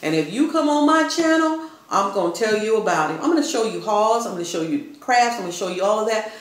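Older woman, chatty vlogger, preachy and animated, voice in a very echoey room. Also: medium pitch, quick pace. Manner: animated, preachy, addresses viewers as y'all. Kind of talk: casual storytelling and faith talk.

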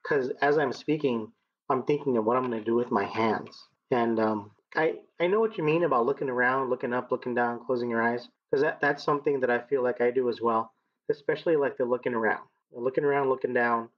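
A man in his thirties from Texas, a guest in an interview, speaking in a measured, reflective way with frequent ums. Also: medium pitch, muffled recording. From Texas, United States. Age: 30s. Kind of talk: conversational interview.

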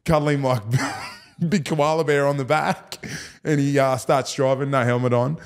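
A man's voice: medium pitch, fairly even intonation, normal speed, clear, resonant tone. Laughing australian man telling yarns. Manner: rambling, laughs through his stories, slangy. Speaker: guest, former rugby league player. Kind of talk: casual storytelling chat.

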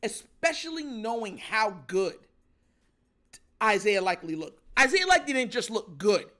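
High bright-voiced man ranting about football. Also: normal speed. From Jamaican family. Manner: animated, ranting, lots of fillers. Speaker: sports show host. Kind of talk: fired-up sports commentary.

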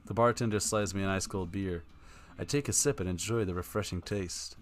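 A man reading a text adventure aloud on a live stream, casual and dry, tossing in wry asides. His voice is very low, and faint music plays in the background. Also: a little fast.

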